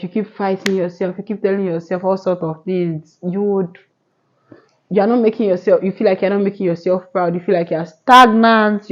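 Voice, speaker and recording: Speaking casually to camera, a young woman vlogger in her twenties gives sincere motivational advice, wandering a bit and restarting often. Her voice sits at a medium pitch, and the recording has its highs cut off.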